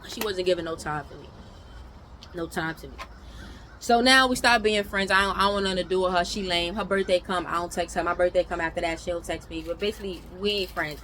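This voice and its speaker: Lively young woman telling a story. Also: on the low side, quick pace, a little hiss or hum, rough recording. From New York. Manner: animated, swings between loud outbursts and mumbled asides. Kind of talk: casual storytime monologue.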